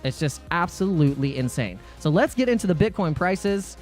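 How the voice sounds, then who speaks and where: A man hosting a crypto live stream, talking in an excitable, rambling rant full of restarts. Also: fairly high pitch, normal speed, soft background music.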